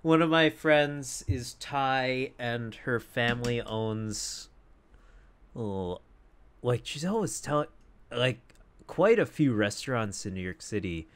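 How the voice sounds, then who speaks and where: Speaking slowly into a foam-covered podcast mic at home, this young male co-host has a smooth, mid-range voice that's expressive and a bit bright. The talk is a relaxed, meandering chat, and he laughs a lot.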